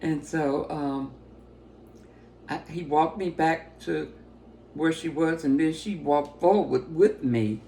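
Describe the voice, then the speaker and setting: A woman giving a personal testimony as a story, talking with excitement and breaking into laughter often. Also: deep voice, takes it slowly, a little hiss or hum.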